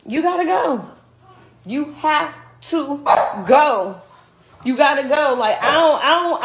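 Upset woman venting in an echoey room. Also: sits high. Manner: upset, repetitive, talks to viewers directly. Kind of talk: casual venting to camera. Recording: echoey room with loud noise.

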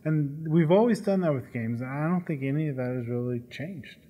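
A man answering interview questions about designing games, in a relaxed, rambling way with self-deprecating asides. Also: on the high side, a little fast, phone-quality sound. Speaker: game designer.

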